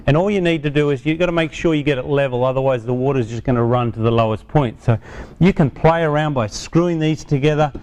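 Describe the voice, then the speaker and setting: A man's voice: medium pitch, quick pace, darkish tone. A man giving a casual, hands-on product demonstration outdoors, chatting and correcting himself as he explains each step. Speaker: product presenter. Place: outdoors on a hot day.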